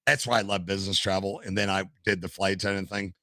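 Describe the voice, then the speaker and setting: Older male guest, low gravelly voice with a bright edge, animated storyteller. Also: fast talker, dry recording. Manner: animated storyteller, acts out quotes. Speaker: podcast guest, gamer and streamer. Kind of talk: casual storytelling interview.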